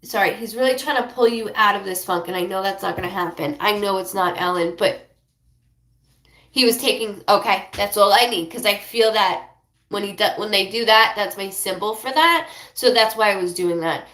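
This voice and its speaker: A woman doing a live psychic reading who rambles, apologizes often and passes on messages in quick bursts. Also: medium pitch, sharp tone, roomy sound. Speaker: psychic medium.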